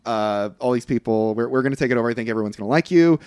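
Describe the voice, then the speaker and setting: A man's voice: mid-range voice, very fast, darkish tone, smooth, no room sound. Rambling man recapping a movie, dry sound. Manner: loose, rambling recap with frequent fillers and profanity. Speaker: podcast co-host recapping a film. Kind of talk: casual chat.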